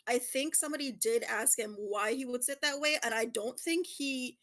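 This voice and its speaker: A woman's voice: a little high, normal speed, fairly bright tone. A woman co-hosting a podcast and running a casual quiz, laughing often as she explains. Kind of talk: casual chat.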